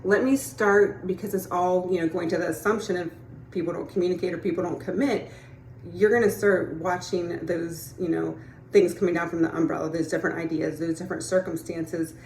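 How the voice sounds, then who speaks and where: Low-voiced woman coaching in a roomy space. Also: fairly even intonation, normal speed, darkish tone, slight background noise. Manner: chatty and encouraging, often checking in with the listener. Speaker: manifestation coach. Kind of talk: casual teaching monologue.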